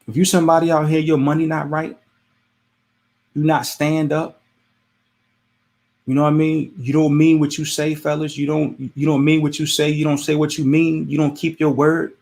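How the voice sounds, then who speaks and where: Gravelly man giving casual advice. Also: a little high, little pitch movement, normal speed, darkish tone. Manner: conversational, repetitive, preachy with rhetorical questions. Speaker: podcast host. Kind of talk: casual motivational monologue.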